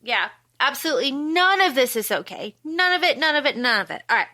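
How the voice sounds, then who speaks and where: Woman, podcast co-host, high pitch, bright tone, animated casual recap. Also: a little fast. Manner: animated, acts out quotes in funny voices. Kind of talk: casual movie recap chat.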